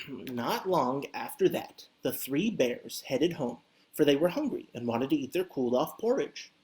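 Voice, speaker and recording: A woman reading a children's story aloud as an expressive, animated storyteller. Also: a bass voice, a little slow.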